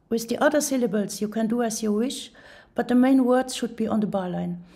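A woman presenting a software tutorial in voice-over, explaining each step calmly. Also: on the high side. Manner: calm, step-by-step instructional.

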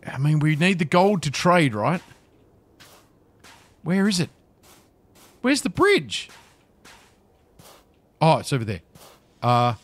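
A man's voice: on the high side, a bit bright. A man giving casual gameplay commentary, talking to himself as he plays and repeating phrases with nervous chuckles. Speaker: gaming video creator.

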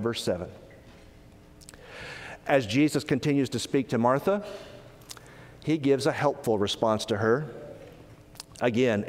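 An earnest man preaching from the pulpit, his voice neither high nor low. His pitch climbs on emphasized lines, and he slows down on the key phrases. The church hall gives his voice a long reverb tail. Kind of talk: sermon. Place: church sanctuary.

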